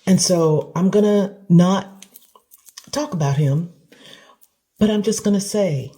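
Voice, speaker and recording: A woman talking through an emotional reaction, halting and clearing her throat at times. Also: lowish voice, dark tone. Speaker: commentator.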